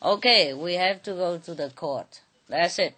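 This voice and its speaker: A woman's voice: fairly low pitch, unhurried, bright, forceful tone. A woman voicing a frantic, desperate man begging shrilly and insistently to get his money back in a told folk tale.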